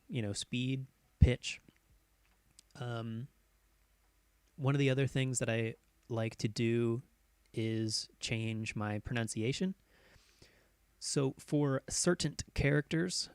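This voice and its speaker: A man hosting a casual live stream, rambling with many fillers and tangents and sometimes shifting his pitch and pace to show voice tricks. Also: darkish tone, clear, resonant tone, no room sound. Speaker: host.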